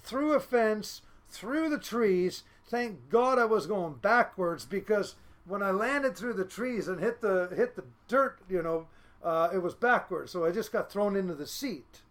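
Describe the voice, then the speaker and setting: A man from Seattle, a fishing boat captain, telling casual podcast stories in a lively way, full of fillers and laughs. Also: high-pitched, a little slow. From Seattle, United States. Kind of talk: casual storytelling.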